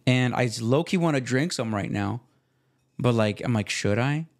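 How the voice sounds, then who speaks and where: A young man hosting his own podcast, talking casually in a rambling, self-deprecating way with slang and restarts, relaxed after smoking. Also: medium pitch, normal speed. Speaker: podcast host. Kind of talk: casual solo podcast monologue.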